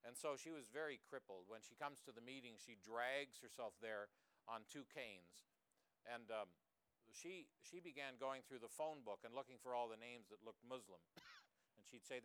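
Male preacher, mid pitch, earnest sermon delivery with rhetorical questions, clear voice. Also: moderate pace, fairly bright tone, no echo.

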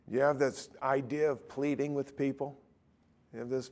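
A man's voice: mid-range voice, steady tone, moderate pace, darkish tone. Man, Bible study teacher, blunt, casual, restarts sentences, straight talker. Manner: blunt, informal, self-interrupting.

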